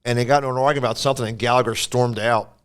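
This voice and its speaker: Male comedian host, smooth and clear, lively storyteller, casual podcast. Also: mid-range voice, very fast. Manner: animated storyteller.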